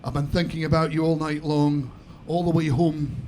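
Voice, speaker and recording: Comedian doing a low, breathy Scottish lover, intimate and slow, over club noise. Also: male voice, level tone, darkish tone, natural voice. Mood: seductive. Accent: put-on Scottish. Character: seductive Scottish Highland lover, low and husky.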